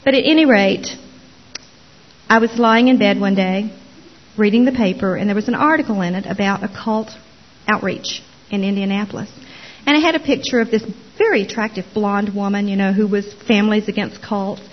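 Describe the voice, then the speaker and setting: A woman telling her personal testimony as a former Jehovah's Witness, expressive and dramatizing the story with little voices. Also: medium pitch, a little fast. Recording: dull lo-fi recording.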